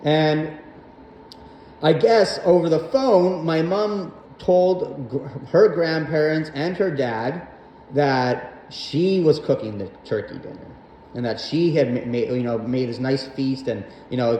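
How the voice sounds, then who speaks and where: A young man's fairly high, dark-toned voice moves a little slowly as he hosts a podcast, rambling through a profane personal story full of fillers. The casual monologue has a roomy echo and faint background noise.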